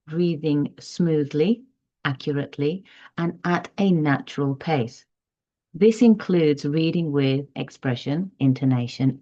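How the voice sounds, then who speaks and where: Woman tutor walking parents thru a lesson, low mellow voice, kinda dull lo-fi sound. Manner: patient, explanatory, stresses key terms. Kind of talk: online teaching presentation.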